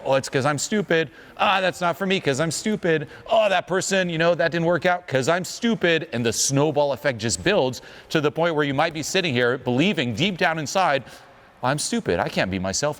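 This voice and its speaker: A man coaching on social skills in an emphatic motivational talk, asking the audience questions. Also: mid-range voice.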